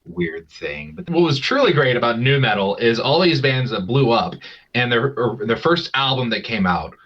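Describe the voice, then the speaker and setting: A man's voice: mid-range voice, very animated, normal speed, husky. A man co-hosting a podcast in casual chat, rambling with many restarts, laughing and swearing freely. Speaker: podcast co-host. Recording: dull, lo-fi podcast mic.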